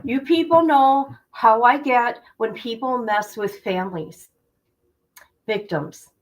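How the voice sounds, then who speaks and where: A woman's voice: a little high, takes it slowly, rough recording. A woman hosting a true-crime livestream, talking indignantly and directly to her viewers. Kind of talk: heated livestream commentary.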